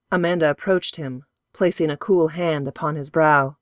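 A woman narrating an audiobook with measured, even storytelling. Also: sits low, dry recording. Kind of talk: scripted narration. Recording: dry, slightly dull studio audio.

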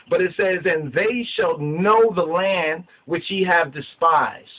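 Streetwise man preaching over tinny audio. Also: fairly high pitch. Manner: preachy, streetwise, keeps asking "you understand?". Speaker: Rastafari teacher. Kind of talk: impassioned scripture teaching.

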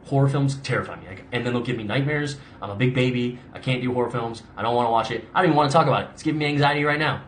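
A young adult man talks very fast in a mid-range voice, with hardly any pauses and slight background noise. As an actor hosting a live Q&A, he rambles casually through viewer questions with lots of "like" and restarts.

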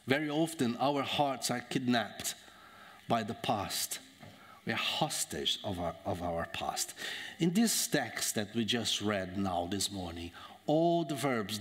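A preacher with a fairly high, lifted voice delivers a dramatic sermon. He swings from forceful emphasis down to hushed, near-whispered lines. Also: in a large hall. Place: church.

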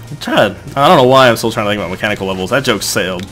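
An excitable young man rambles through casual gameplay commentary, his pitch swinging widely as he jokes at himself. Faint game music plays under his voice. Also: normal speed, long pauses. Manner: excitable, rambling, shouts in bursts of frustration. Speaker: let's play gamer.

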